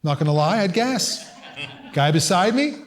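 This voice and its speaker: Animated stand-up comic, slightly high voice. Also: male voice, moderate pace. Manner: animated storytelling with voiced asides and squawks. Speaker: stand-up comedian. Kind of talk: stand-up comedy set. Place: live comedy venue with audience. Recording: live stage recording, audience noise.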